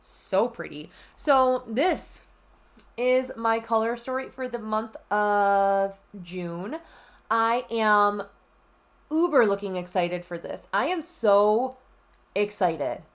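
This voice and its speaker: A woman's voice: medium pitch, takes it slowly. A young adult woman chatting casually in a makeup vlog, bubbly and gushing. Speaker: beauty vlogger.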